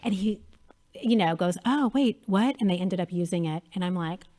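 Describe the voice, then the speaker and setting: A woman in her thirties, a media company president chatting as an interview guest, telling lively stories and acting out quotes. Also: on the low side, normal speed. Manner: animated storyteller, acts out quotes. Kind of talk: casual interview chat.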